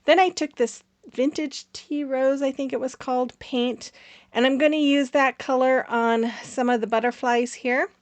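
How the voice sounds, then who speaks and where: A woman's voice: high-pitched, steady tone, normal speed, dry recording. A woman hosting a craft channel, narrating her project in a casual, rambling voice-over with many fillers and frequent laughs.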